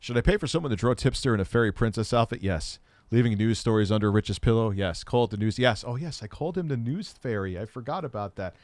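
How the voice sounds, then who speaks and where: A middle-aged man hosting tech commentary, ranting sarcastically with a lot of swearing, swinging from muttering to shouting. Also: mid-range voice, expressive, fast, dry recording.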